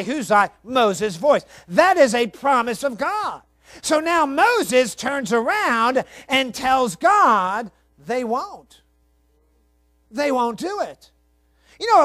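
A man's voice: very high-pitched, a bit bright, no room sound. A pastor preaching a sermon, emphatic, asking his congregation rhetorical questions and reading scripture aloud. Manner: reads scripture aloud in old-fashioned wording.

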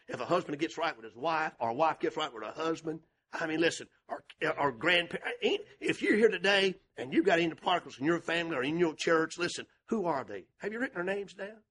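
An older male pastor preaching with passion, swinging between shouted and hushed delivery. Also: a little high, husky. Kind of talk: sermon.

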